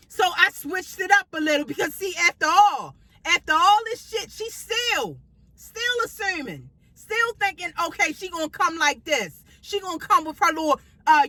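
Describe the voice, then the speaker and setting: A high, bright-voiced woman vents straight to camera from inside her car. Her delivery is confrontational and profane, and she hammers her points home by repeating them. The sound is dry and close. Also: dry recording, low-quality recording. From Baltimore, USA. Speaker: vlogger. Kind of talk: ranting vlog monologue.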